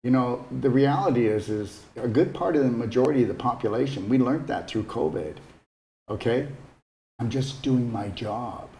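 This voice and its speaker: A man's voice: medium pitch, expressive, brisk, warm tone, slight background noise. A man giving a casual, earnest motivational talk as a wellness retreat host, coaxing his listeners and often checking in with "okay?". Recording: echoey room.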